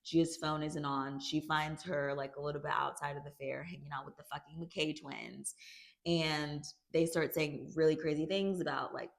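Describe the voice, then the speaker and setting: A woman casually recapping a TV season for a video, chatty and animated, breaking off with her own reactions. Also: deep voice, moderate pace, creaky. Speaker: YouTube recap host.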